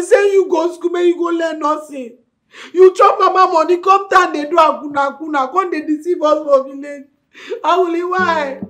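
A woman's voice: extremely high pitch, a bit bright. An actress with a Nigerian accent playing a young woman who angrily and tearfully scolds her older sister in Pidgin. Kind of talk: film drama acting.

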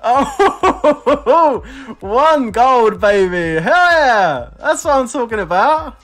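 A man streaming a game, excitable, whooping and laughing as rewards drop. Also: very high voice, takes it slowly, faint music behind. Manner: excitable, shouting and laughing at drops. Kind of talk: live game commentary.

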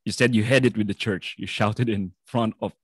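A man hosting a podcast interview who gives many short murmured replies and asks questions in a soft-spoken way. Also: fairly low pitch, fairly even intonation, normal speed, slightly rough, dry recording, studio quality. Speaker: podcast host.

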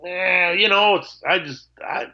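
A man's voice: sits high, a little slow, vocal fry, muffled recording. A man, a guitarist, telling candid stories on a call. He acts out both sides of old conversations and swears freely. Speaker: guitarist guest.

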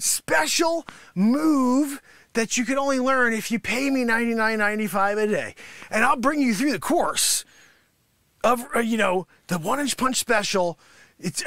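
A man playing a boastful, greedy male karate sensei who scolds his students and pitches an overpriced course in a brash, mocking patter. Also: gravelly, bright, forceful tone, no echo, heavily acted. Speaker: comedy show host. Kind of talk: improvised comedy character monologue.

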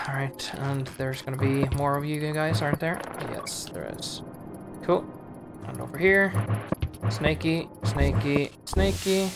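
A woman's voice: deep voice, lively intonation, unhurried, gravelly. A woman streaming a game live, casually muttering and swearing at it as she plays. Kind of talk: casual gameplay commentary. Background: music playing.

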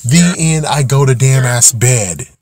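A man's voice: medium pitch, expressive, unhurried, darkish tone, breathy edge, no room sound. A man ranting angrily and swearing as he vents about an online game. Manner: ranting, frequent swearing, exasperated. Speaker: gaming channel host. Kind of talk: angry gaming rant.

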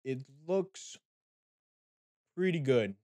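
A man's voice: mid-range voice, extremely slow, dry recording. A man hosting a card pack opening, talking casually and animatedly straight to his viewers. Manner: animated, chatty, talks to viewers as guys. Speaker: card-opening channel host.

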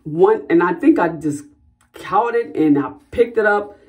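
A woman talks straight to her viewers in a relaxed vlog. She rambles in a chatty, personal way and keeps calling her audience y'all. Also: fairly low pitch, measured pace. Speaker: vlogger. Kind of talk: casual talk to camera.

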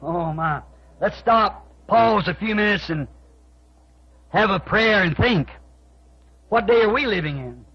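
A man preaching a sermon, telling stories and acting out conversations, with his voice climbing to shouts. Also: high voice, animated, unhurried, pauses often, husky. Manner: storytelling, quoting both sides of conversations, rising to shouts. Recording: dull lo-fi archive tape recording.

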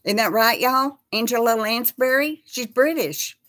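A woman's voice: a little high, measured pace, fairly bright tone. A middle-aged woman with a Texas accent, chatting casually with viewers on a live stream and calling them y'all. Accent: Texan. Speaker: host of a live chat.

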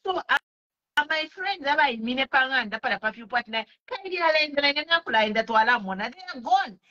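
Earnest Zambian woman, bright voice. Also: sits high, animated, fast, highs cut off. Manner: earnest, pleading, switches languages mid-sentence. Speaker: speaker sharing testimony. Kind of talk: personal testimony mixing English and Bemba.

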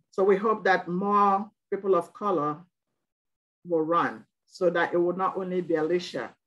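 A woman's voice: fairly low pitch, highs cut off. An older woman, a community working group member, speaking plainly and firmly at a public meeting.

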